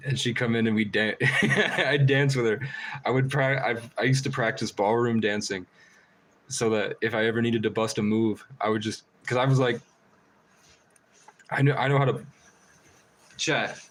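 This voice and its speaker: A man's voice: mid-range voice, fairly even intonation, moderate pace, long pauses, a bit bright, a little hiss or hum. A man rambling through stories on a casual livestream, laughing and swearing as he goes. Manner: profane, laughing, rambling storytelling. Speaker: livestream host.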